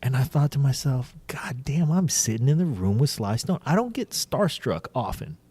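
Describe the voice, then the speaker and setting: A man hosting a casual podcast chat, telling stories in a lively, swearing way. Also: medium pitch, moderate pace, breathy edge. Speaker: podcast host.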